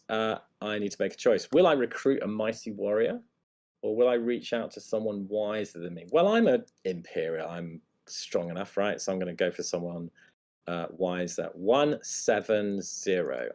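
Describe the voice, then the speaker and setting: A man's voice: lowish voice, normal speed. A man demonstrating a tabletop board game, thinking aloud as he picks his gear and explains the rules to the other players.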